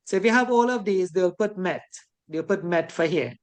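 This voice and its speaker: A woman's voice: fairly low pitch, normal speed. A woman from the Caribbean with a Caribbean English accent, teaching a safety course in a chatty classroom lecture style and ending many sentences with "right?".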